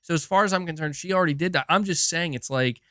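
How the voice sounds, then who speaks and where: Man, livestream host, casual profane rant, emphatic, fairly high voice, dry close sound. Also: quick pace, no room sound. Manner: animated, profane and emphatic, with frequent restarts.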